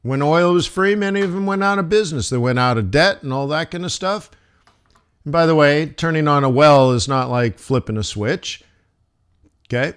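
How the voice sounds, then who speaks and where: A man hosting a live forex trading stream, giving casual, jokey market commentary in an animated, fast-talking way. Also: a little high, clear, resonant tone. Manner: animated, jokey, talks fast with laughs and asides.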